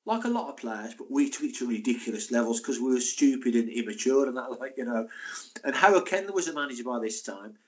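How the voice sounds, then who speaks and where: A man, a former footballer telling lively anecdotes as a podcast guest. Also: mid-range voice, fast talker. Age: 60s. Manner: animated, laughing anecdotes. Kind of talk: casual storytelling.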